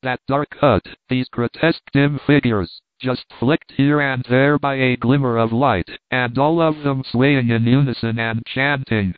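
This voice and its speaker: A man reading a story aloud as scripted narration, in a steady, measured way. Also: medium pitch, no echo. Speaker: audiobook narrator. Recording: tinny phone-like dry recording.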